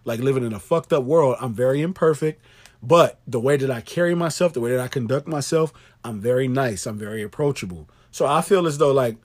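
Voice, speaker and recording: A man's voice: on the high side, breathy edge. A man co-hosting a podcast, talking in a laid-back way with a lot of swearing and emphatic repetition. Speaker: podcast co-host. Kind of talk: casual chat.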